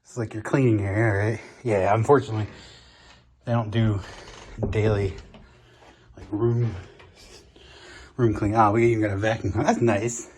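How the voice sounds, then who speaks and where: A man giving an excited, out-of-breath handheld room tour of a vacation apartment, exclaiming at each room. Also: fairly low pitch, normal speed, pauses often, slightly rough. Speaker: vlogger.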